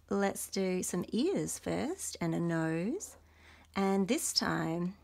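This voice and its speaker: A young adult woman illustrator, gently and encouragingly talking through a drawing lesson for teachers as she sketches. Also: on the low side, creaky. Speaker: illustrator leading a workshop.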